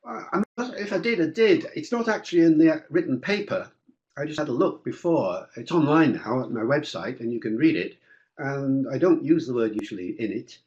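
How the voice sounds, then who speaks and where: A man's voice: medium pitch, animated, fairly quick, a little mellow. An older man answering listener questions in a webinar, in a discursive, explanatory way. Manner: discursive, explanatory, with fillers and asides. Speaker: guest linguist answering questions. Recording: dull lo-fi webinar audio.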